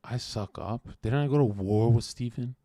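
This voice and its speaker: A man's voice: mid-range voice, moderate pace, dark tone, no room sound, clean studio sound. A man hosting a livestream, talking casually, swearing a lot and taunting his chat. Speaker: livestream host.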